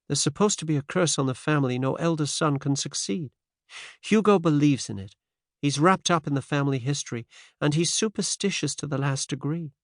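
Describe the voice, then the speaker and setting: A man's voice: on the high side, dry recording, clean studio sound, voice pushed up, natural voice. A man reading the part of a determined, worried American woman of about thirty in an audiobook. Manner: earnest, worried pleading.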